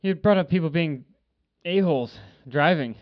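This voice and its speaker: A man co-hosting a podcast in casual chat, relaxed and asking short questions. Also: a little high, normal speed, dry recording. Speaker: podcast co-host. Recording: dry, dull lo-fi.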